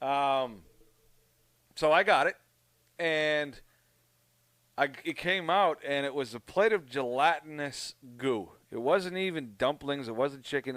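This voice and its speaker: A man from Canada telling a story in casual chat on a podcast, profane and animated. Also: a little high, no room sound. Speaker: podcast co-host.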